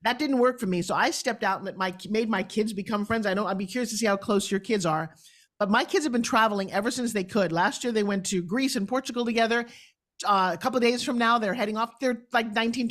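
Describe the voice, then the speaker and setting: A middle-aged woman hosting an interview, chatting and telling her own family stories. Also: a little high. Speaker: host. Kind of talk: casual interview chat.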